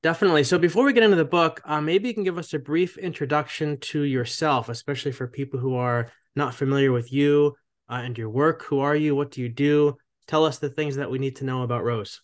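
A man's voice: a little high, a little fast. Earnest male podcast host. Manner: friendly, earnest, with frequent uh fillers. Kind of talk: casual podcast interview.

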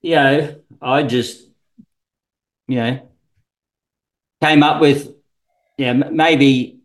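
A man talks casually about coaching in a mid-pitched voice. His speech rambles, full of restarts and fillers. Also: fairly even intonation, drawn-out words, low-quality recording. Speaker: swim coach guest. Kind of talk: casual podcast chat.

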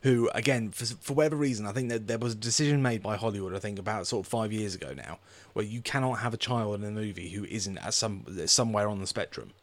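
A man co-hosting a film review podcast, blunt and sweary, with halting restarts. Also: on the low side. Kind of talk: casual film review chat.

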